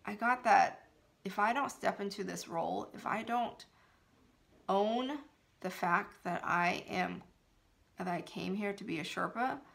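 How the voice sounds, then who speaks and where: A woman's voice: mid-range voice, a little slow, vocal fry, pauses often, a bit bright. A woman speaking as a spiritual coach in an earnest, emphatic motivational talk, laughing now and then.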